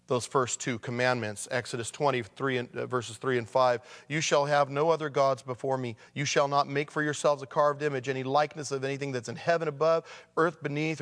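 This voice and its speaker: A man preaching a sermon in a relaxed, conversational way, reading scripture passages aloud and stressing key lines. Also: medium pitch, long reverb tail. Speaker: pastor.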